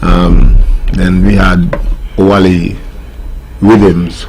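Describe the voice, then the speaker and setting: A man's voice: low voice, flat delivery, very slow, darkish tone, slight background noise. A middle-aged man with a Nevisian Caribbean accent, a steel pan tutor talking earnestly in a radio interview and turning firm over his rules. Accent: Nevisian Caribbean English. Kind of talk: casual interview answers. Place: radio studio.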